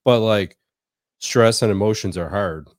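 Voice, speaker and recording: A man's voice: on the low side, unhurried, dry recording, clean studio sound. A man in a casual chat, speaking hesitantly and reflectively, trailing off.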